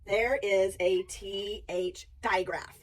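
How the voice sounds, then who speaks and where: A woman teacher walking briskly through a phonics lesson step by step. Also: medium pitch, fairly even intonation, distant mic. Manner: brisk, walks through steps aloud.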